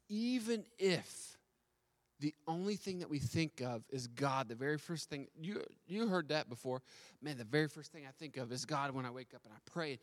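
A man preaching a sermon, telling a story and asking his listeners direct questions. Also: medium pitch. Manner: storytelling, asks the audience questions, stammers on restarts. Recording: long hall reverb.

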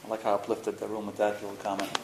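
A man's voice: lowish voice, rapid-fire. Frank man teaching in an echoey room. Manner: frank, animated, mixes slang and swearing. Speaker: spiritual teacher leading a workshop. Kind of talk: casual workshop talk. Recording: roomy echo, faint noise.

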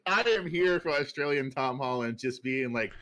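A man's voice: mid-range voice, expressive, normal speed, sharp tone. A man co-hosting a podcast who talks in a casual, rambling way, with many fillers and restarts. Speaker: podcast co-host. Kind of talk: casual chat.

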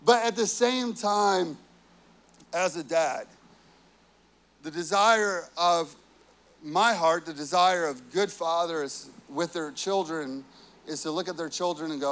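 A man's voice: a little high, takes it slowly, pauses often, a bit bright, a little hiss or hum. A man in his thirties, a pastor telling a family story in his sermon, chatty and full of filler words. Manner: chatty, full of "like" and "you know".

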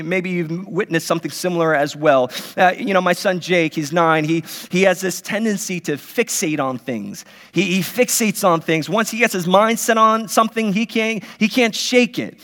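A man's voice: high voice, moderate pace, hardly any pauses, fairly bright tone. A man in his thirties, a pastor, preaching a sermon in a conversational, story-telling way with many restarts. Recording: long hall reverb.

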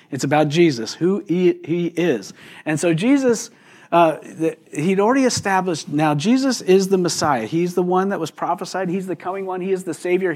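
A man preaching a sermon in a relaxed, conversational way, often putting questions to the congregation. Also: a little high. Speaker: pastor.

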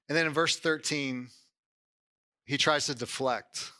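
Speaking at a measured pace with long pauses, a pastor with a slightly high voice gives a conversational sermon. He leans on "like" and "right?" and grows animated when giving voice to another person's doubts.

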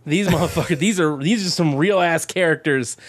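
Excitable, profane, laughing podcast co-host man. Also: a little high, fairly quick. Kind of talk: casual chat.

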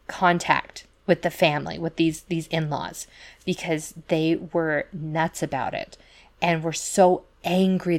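A woman with a deep, low-pitched voice chats casually as a podcast co-host. She rambles through stories full of "like" and "you know" and slips into the voices of the people she quotes. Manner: chatty storytelling full of fillers and asides; acts out quoted voices in retellings. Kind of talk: casual chat.

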